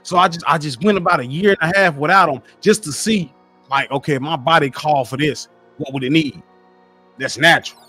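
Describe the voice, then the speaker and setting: A man's voice: a little high, a little fast, sharp tone, soft background music. A man on a casual livestream, reading his chat and lecturing his viewers in a blunt, profane way. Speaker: streamer reading live chat.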